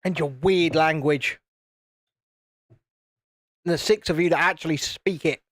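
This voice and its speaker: A man's voice: on the high side, unhurried, dry recording, clean studio sound. A man from the United Kingdom hosting a casual live stream, joking and reading out viewer comments while building. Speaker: YouTube channel host.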